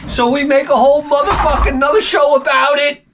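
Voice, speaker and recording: Quick-ish and level in tone, this very high male voice comes through a noisy background. It belongs to a middle-aged vlogger doing crude comedy: he unboxes packages, swears a lot, rambles, and drops into mock voices for his stories and jokes.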